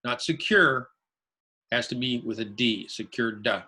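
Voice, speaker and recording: A man with a bright, forceful voice teaches a live online class. He hammers home his key phrases and repeats them, coaching his listeners in an emphatic way. His pitch sits in the middle for a man. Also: fairly even intonation, fairly quick, husky. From Ohio. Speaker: real estate investing instructor. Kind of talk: webinar teaching.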